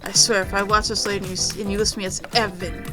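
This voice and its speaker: A woman voicing a brooding, murderous male trapper who talks in a gruff, boastful, threatening way. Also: medium pitch, level tone, fast talker, over music, close to an everyday voice. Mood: menacing, boastful.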